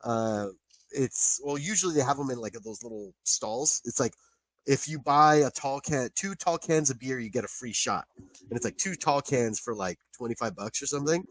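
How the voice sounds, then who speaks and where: A man's voice: medium pitch, lively intonation, moderate pace, fairly bright tone. A man co-hosting a casual nerd-news podcast, telling a story with easy laughs and plenty of swearing. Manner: laid-back storyteller, swears and laughs often. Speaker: podcast co-host. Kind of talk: casual chat.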